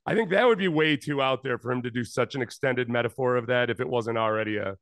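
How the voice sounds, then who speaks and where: A man's voice: mid-range voice, fast, a bit bright, no echo, clean studio sound. A man in a casual podcast chat, rambling and making wry jokes.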